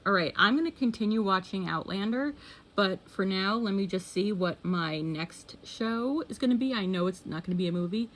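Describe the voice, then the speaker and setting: A woman's voice: medium pitch, animated, moderate pace. A young woman chatting casually to camera at home as a vlogger, rambling with many fillers and self-corrections.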